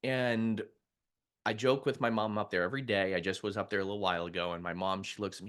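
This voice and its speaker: Low-voiced man, candid coaching talk. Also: fairly even intonation, fast, a bit bright, clean tone. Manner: candid, conversational, frequent restarts. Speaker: mindset coach. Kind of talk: live-streamed casual talk.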